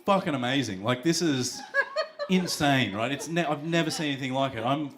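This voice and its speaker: A man's voice: medium pitch, animated, brisk, noisy background. An Australian man doing crude, rambling stand-up storytelling on stage. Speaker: stand-up comedian. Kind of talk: stand-up comedy set. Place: comedy club stage.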